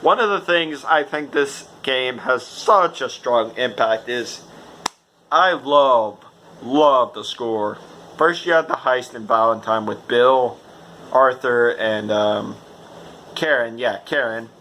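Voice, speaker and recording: A man giving a casual, rambling video game review, excitable and swearing freely. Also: mid-range voice, slow, slight background noise, rough recording.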